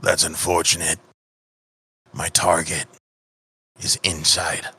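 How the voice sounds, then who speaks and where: A man voicing a cold, menacing male tabaxi gunman in a tabletop game, low and sneering. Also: completely flat delivery, slow, bright, forceful tone, breathy edge, no room sound, heavily acted.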